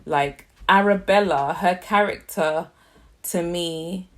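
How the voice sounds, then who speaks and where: A woman's voice: on the low side, takes it slowly. A young British woman chatting casually to camera as she reviews a TV series, filling her talk with "like". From United Kingdom. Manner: chatty, leans heavily on "like" as filler.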